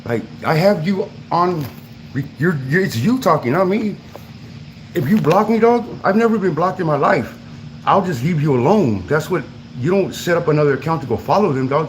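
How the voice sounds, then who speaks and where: A man, ranting confrontationally into a livestream with a fairly high-pitched voice. He speaks in heated, repetitive bursts and keeps calling his target dog and my boy. Faint noise sits under his voice.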